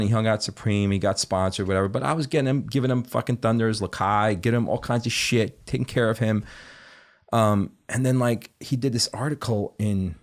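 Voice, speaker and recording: A middle-aged man, a guest on a podcast, telling stories casually and with lots of swearing, acting out what other people said. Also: mid-range voice. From Brooklyn, New York. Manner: animated, profane storytelling that acts out other people's words. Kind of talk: casual chat.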